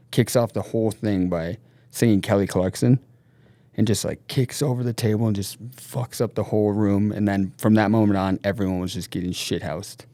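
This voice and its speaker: Low-voiced man telling loose, profane stories. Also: dark tone, dry recording. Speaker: podcast guest, snowboard team manager. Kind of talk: casual storytelling.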